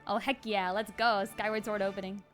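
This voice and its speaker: A woman's voice: mid-range voice, flat delivery, a little fast, faint music behind. A woman streamer chatting casually while she draws, laughing often. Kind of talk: casual chat while drawing on a live stream.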